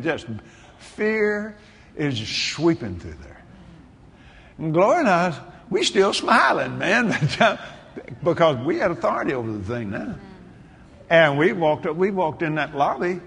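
A man preaching a sermon, telling a story in an animated way that bursts into shouts and laughter. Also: on the high side, a little slow, vocal fry, slightly rough, long reverb tail.

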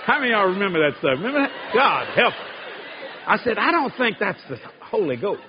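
High-voiced man telling church stories. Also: quick pace. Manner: laughing through his words, Southern dialect, animated. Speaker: preacher telling a story. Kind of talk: comic church storytelling. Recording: live, dull sound, loud crowd and noise.

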